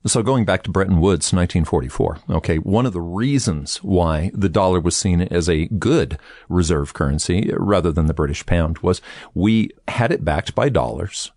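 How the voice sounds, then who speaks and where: Deep-voiced man asking questions. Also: normal speed, darkish tone, dry recording, studio quality. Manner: conversational, prompting with questions. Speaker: podcast host and interviewer. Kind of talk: financial podcast discussion.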